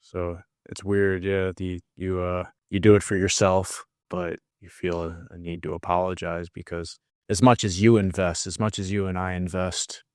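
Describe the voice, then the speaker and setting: Low, flat-voiced man musing. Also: normal speed, hardly any pauses, dry recording, studio quality. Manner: reflective, searching for words with many restarts. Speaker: fighter and podcast co-host. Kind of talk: casual podcast conversation.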